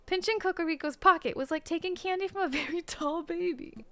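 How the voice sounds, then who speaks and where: A woman's voice: very high-pitched, brisk, bright, forceful tone, no room sound, pitched above the performer's own voice, exaggerated voice. A woman voicing a small, cheeky male sparrow assistant who is eager and sly.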